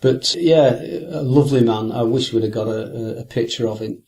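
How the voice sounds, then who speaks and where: A mid-range, slightly mellow voice at a moderate pace belongs to an older angler sharing fishing anecdotes in an interview. His reflective storytelling rambles, with lots of hesitations and restarts.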